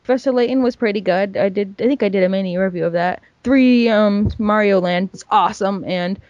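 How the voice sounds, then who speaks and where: A woman's voice: medium pitch, fairly quick, a little mellow, no room sound, lo-fi sound. A young woman co-hosting a casual gaming chat, rambling with lots of fillers. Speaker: gaming podcast co-host.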